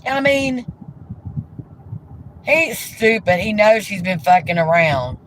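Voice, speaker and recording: A woman's voice: mid-range voice, animated, slow pace, slight background noise, poor audio. A woman ranting heatedly and profanely during a live stream, talking into a handheld phone from inside a car.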